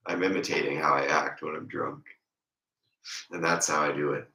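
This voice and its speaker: A man chatting casually on a stream with a congested throat, talking in a slow ramble; his voice squeaks and crackles when he raises it. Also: fairly even intonation, gravelly, bright, forceful tone, echoey room.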